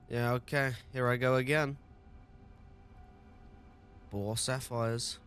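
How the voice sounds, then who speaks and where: A man's voice: mid-range voice, level tone, slow pace, long pauses, fairly bright tone, soft background music. A man giving casual commentary while playing a game, reading dialogue and talking through his moves. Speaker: gaming video creator.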